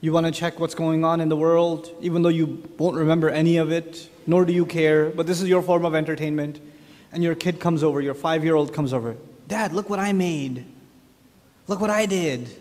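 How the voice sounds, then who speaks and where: A man giving an animated religious talk, telling stories and putting questions straight to his audience. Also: fairly high pitch, a little fast, long reverb tail. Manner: animated storyteller, addresses the audience directly with questions. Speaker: speaker at an Islamic lecture. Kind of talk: lively conversational religious talk.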